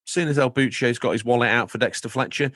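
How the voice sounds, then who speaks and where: A man's voice: mid-range voice, fast talker, a bit bright, dry recording, clean studio sound. A man co-hosting a podcast in casual chat, playful and rambling, drifting into absurd jokes. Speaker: podcast co-host.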